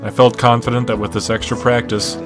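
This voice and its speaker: A man's voice: medium pitch, little pitch movement, a little fast, music in the background. A man narrating gameplay in a dry, mock-serious comedic tone. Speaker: narrator and game player.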